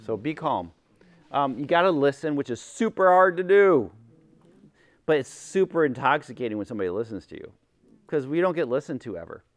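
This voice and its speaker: A man's voice: medium pitch, brisk, dry recording. Middle-aged guy talking to a group, acts out quotes, dry sound. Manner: animated, acts out quotes, keeps checking in with "right?". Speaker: workshop speaker, former chaplain. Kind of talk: informal teaching talk to a group.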